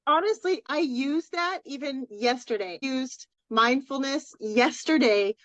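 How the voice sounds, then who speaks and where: A woman's voice: high-pitched, unhurried, a bit bright, no room sound. A woman co-hosting a podcast, openly telling a personal story in casual chat with many restarts. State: tearful. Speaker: podcast co-host. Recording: dry, dull lo-fi sound.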